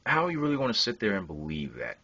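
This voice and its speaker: A man's voice: on the low side, wildly swooping pitch, quick pace, sharp tone, slightly rough, no room sound. A young man, an online gamer, delivering a profane, confrontational rant straight at a rival. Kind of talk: angry rant to camera. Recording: dull lo-fi home recording.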